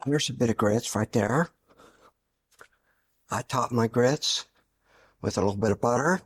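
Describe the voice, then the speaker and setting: A man's voice: mid-range voice, measured pace, husky. A middle-aged man with a Southern US accent, chatting his way through a casual cooking demonstration in a folksy, homey manner. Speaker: cooking channel host.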